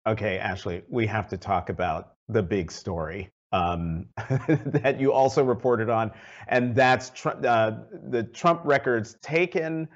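Male interview host, conversational, laughs easily, muffled lo-fi remote audio. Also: medium pitch. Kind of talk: hosting a news interview.

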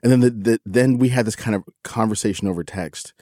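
A man's voice: on the low side, a little fast, dark tone, no echo, studio quality. A middle-aged man casually telling a personal story as a podcast co-host, candid and self-critical, rambling with restarts.

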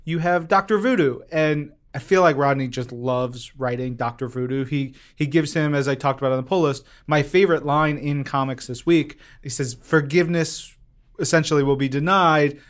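A man co-hosting a casual podcast chat, telling stories with animated enthusiasm. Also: medium pitch, moderate pace, few pauses. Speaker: podcast co-host reviewing comics.

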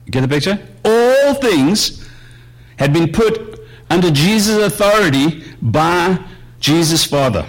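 Lively, conversational male preacher. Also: on the high side, slow, pauses often. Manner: conversational preaching, swings between soft musing and raised emphasis. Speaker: pastor. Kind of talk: sermon.

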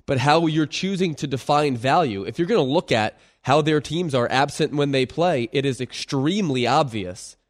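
A male co-host on a sports talk show who pushes back on the host with pointed, challenging questions. His voice sits at a middle pitch. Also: lively intonation, moderate pace, few pauses.

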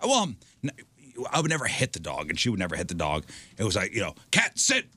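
A man with a lower but bright, forceful voice tells a story, swinging his pitch up and down. He laughs often, and the close mic keeps the sound dry. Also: big pitch swings, fast talker, breathy edge, no echo. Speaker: podcast co-host. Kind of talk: casual chat.

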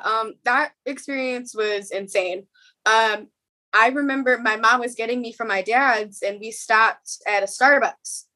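A young woman, a podcast guest, telling a story in a rapid, emotional way, with many ums and quoted dialogue. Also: on the high side, pushed and bright, poor audio.

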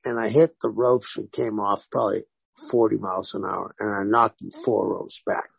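A man, a former pro wrestler, telling animated stories in a casual interview and voicing the people in them. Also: on the low side, moderate pace, creaky, slightly rough, no echo, highs cut off. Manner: animated anecdotes with voiced quotes.

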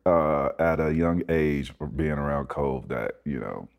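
A man in his forties, a guest in a casual interview, telling stories in a lively way with frequent laughter. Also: extremely low pitch, unhurried, vocal fry. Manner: animated, laughing storyteller.

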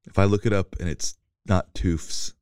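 A man's voice: low-pitched, steady tone, darkish tone, smooth, dry recording, studio quality. A young man co-hosting a podcast, chatting casually about a movie and teasing his co-host. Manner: teasing, quick to correct, joking. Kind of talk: casual movie review chat.

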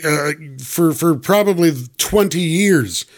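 A man's voice: on the high side, expressive, slow. A man, an actor and podcast guest, chatting casually and telling self-deprecating stories with frequent stammers and restarts. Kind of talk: casual chat.

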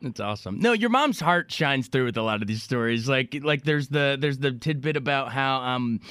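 A man hosting an interview podcast, animated and quick to chuckle between questions. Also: mid-range voice, clear, resonant tone, dry recording.

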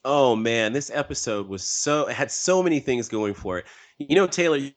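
A man co-hosting a casual podcast discussion, who rambles with animated emphasis. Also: medium pitch, normal speed. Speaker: podcast co-host.

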